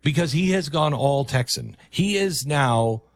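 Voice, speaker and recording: A man's voice: a little high, expressive, a little slow, no room sound. A man hosting a talk radio show, delivering a sarcastic, mocking monologue.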